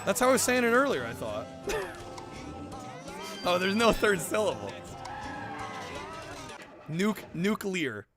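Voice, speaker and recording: Animated high-voiced male streamer. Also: normal speed, pauses often. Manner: animated, argumentative, laughs often; swears casually. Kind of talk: casual live-stream chat with viewers. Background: background music.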